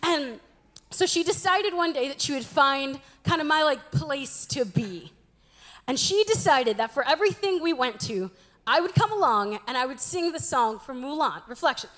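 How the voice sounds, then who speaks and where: Young woman, very high-pitched voice, chatty, self-mocking, humorous church talk. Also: animated, normal speed, a bit bright. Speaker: youth speaker.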